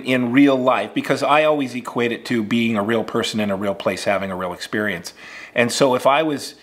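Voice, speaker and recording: A man who is an acting coach, telling an audition story in a relaxed, conversational way with plenty of fillers. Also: medium pitch. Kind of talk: casual instructional storytelling.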